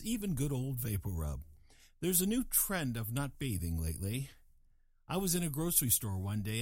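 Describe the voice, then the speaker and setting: A man's voice: medium pitch, dry recording. An older man delivering a scripted comic monologue with a dry, wry manner, slipping into playful voices. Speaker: comedic host.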